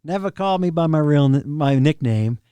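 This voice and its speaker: A man's voice: fairly high pitch, lively intonation, brisk, dark tone, clean tone, no room sound. A middle-aged man, a podcast guest telling easygoing, humorous anecdotes. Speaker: guest, drum tech. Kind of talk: casual interview chat.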